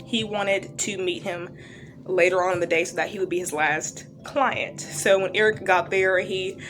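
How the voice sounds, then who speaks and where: A woman's voice: on the low side, steady tone, moderate pace, a bit bright, soft background music. A woman recapping a TV series in a casual, chatty way, full of fillers and loose asides. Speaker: true-crime reaction vlogger.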